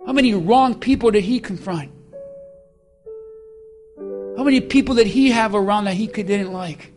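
High-voiced man preaching with emphatic swings. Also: normal speed, faint music behind. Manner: emphatic preaching, swinging between loud calls and hushed lines. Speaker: pastor. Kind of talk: sermon.

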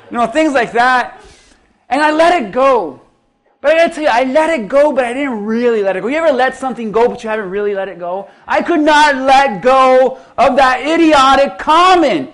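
Male pastor, middle-aged, high-pitched, storytelling preacher who rises to bursts of emphasis. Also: lively intonation, moderate pace, fairly bright tone. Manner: storytelling, rising to emphatic peaks. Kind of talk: sermon.

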